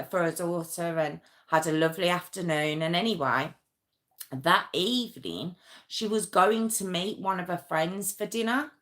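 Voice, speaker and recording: A woman's voice: on the low side, a bit bright. A woman telling a true crime story on a casual live stream at home, chatty and rambling, with asides and restarts.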